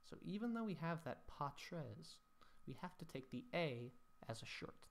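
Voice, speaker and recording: A man's voice: a little high, sing-song, a little slow, vocal fry. Man explaining Latin scansion step by step. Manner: explanatory, thinking aloud, mock-dramatic sighs. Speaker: teacher.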